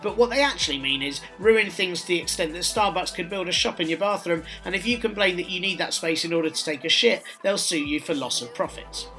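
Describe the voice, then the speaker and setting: Sardonic British man with a bright voice. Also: sits high, a little fast, hardly any pauses, faint music behind. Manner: sardonic, dry mocking delivery. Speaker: satirical news presenter. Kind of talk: scripted satirical monologue.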